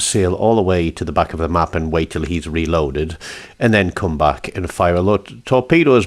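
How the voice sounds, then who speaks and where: A man giving casual, rambling commentary over his own gameplay, laughing at his own jokes with frequent ums. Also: low voice.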